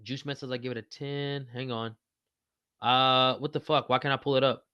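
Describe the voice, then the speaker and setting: A man's voice: medium pitch, level tone, moderate pace, smooth, dry recording, lo-fi sound. A man hosting a casual livestream podcast, reading chat aloud in a loose, slangy, profane way. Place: home room with wall signs.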